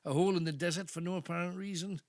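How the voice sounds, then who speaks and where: Talking very fast in a high, steady voice, an older Geordie man from Northeast England runs a late-night radio phone-in and drifts through rambling anecdotes. He's recorded on a studio microphone.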